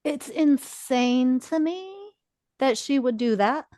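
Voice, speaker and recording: A woman in her forties co-hosts a podcast, telling a personal story with feeling and acting out quoted dialogue in casual conversation. Her voice is high-pitched and warm, and she takes it slowly. The recording is dry and studio quality.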